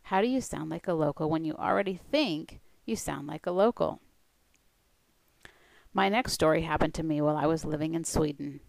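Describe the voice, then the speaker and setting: Woman, language coach, scripted presentation; low and a touch gravelly, dry close recording. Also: moderate pace, no room sound, low-quality recording. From United States.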